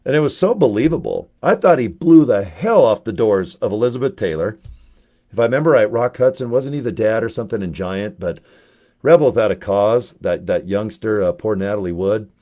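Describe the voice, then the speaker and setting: A man with a fairly low voice talks straight to his viewers in a loose, rambling way. He jumps from one anecdote to the next with animated energy, now and then speeding up or dropping his voice to a mutter. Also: fairly quick. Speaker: network marketer. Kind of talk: casual storytelling to camera.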